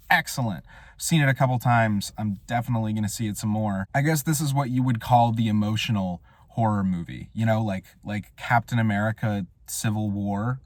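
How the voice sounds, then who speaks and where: A man giving a casual, rambling film review monologue with wry, deadpan humor. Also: medium pitch, no echo, studio quality. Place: Portland area.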